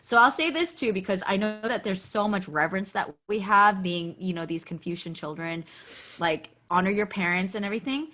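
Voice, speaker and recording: Lively woman guest telling stories. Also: mid-range voice, fairly quick. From United States. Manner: animated, acts out quoted dialogue, frequent "like" fillers. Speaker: podcast guest. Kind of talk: candid conversational storytelling.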